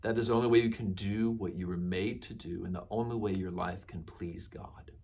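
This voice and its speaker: Pastor guy preaching, kinda low husky voice, earnest, leans hard on key words. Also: steady tone, darkish tone. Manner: earnest, emphatic preaching with slow stressed phrases. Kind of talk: sermon.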